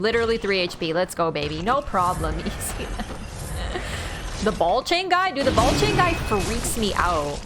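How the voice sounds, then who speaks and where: Brief: excitable woman game streamer, animated pitch, swears a lot, game sounds and noise behind. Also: moderate pace. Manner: excitable, swears freely, laughs often. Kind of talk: casual gameplay commentary.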